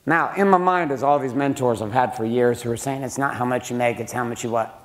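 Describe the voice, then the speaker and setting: A man's voice: mid-range voice, fairly quick. A middle-aged man giving a blunt, profane motivational business talk to a live audience, swearing freely and throwing questions at the room. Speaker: speaker teaching a room of men.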